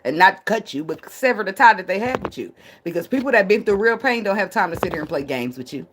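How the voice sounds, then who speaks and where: A woman's voice: medium pitch, lively intonation, fast talker, slight background noise. A woman giving a casual tarot reading, blunt and profane, laughing often and drifting into tangents. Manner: rambling, talks herself into tangents. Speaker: tarot reader.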